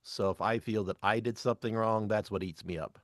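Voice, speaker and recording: Matter-of-fact low-voiced male DJ. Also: steady tone, a little fast, no echo, clean studio sound. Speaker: DJ co-host. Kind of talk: casual storytelling.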